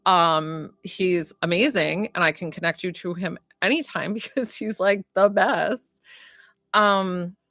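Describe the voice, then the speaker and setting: A woman's voice: lowish voice, takes it slowly, fairly bright tone, no room sound. A woman giving an emotional live-streamed psychic reading to her viewers, gushing and often close to tears, with lots of "like" and "um". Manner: gushing, emotional, heavy use of "like" and "um". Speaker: psychic medium.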